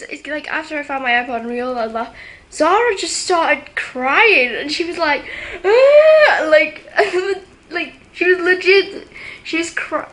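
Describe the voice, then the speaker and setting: A woman's voice: high-pitched, bright, forceful tone. A teenage girl rambles through a casual video diary. She sounds worn out after a night with little sleep, giggles often, and keeps restarting her sentences. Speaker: vlogger. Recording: noisy home ambience.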